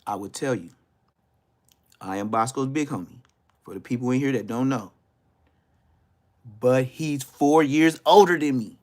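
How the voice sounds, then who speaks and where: A man in his fifties from Los Angeles with an LA accent, roasting people on a YouTube live stream in loud, mocking street talk, laughing often and jumping into high-pitched bursts. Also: measured pace, pauses often. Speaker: YouTube commentator.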